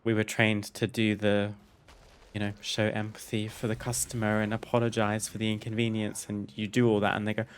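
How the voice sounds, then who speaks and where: A man with a fairly low voice talks over his gameplay, easygoing and frank. He drifts through a long personal story, laughing now and then and not minding a swear word. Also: monotone, a little fast, smooth. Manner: chatty, candid, laughs and swears freely. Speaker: streamer.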